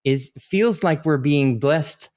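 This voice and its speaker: A man's voice: fairly high pitch, slow. A man from the Netherlands, a podcast guest chatting casually and telling rambling stories full of restarts. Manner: animated storyteller, rambling with many restarts.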